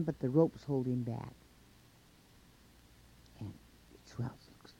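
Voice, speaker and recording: A man telling a traditional folk tale in an unhurried way, linking events with 'and' and pausing on fillers. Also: medium pitch, gravelly, no room sound. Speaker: storyteller. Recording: dull lo-fi recording.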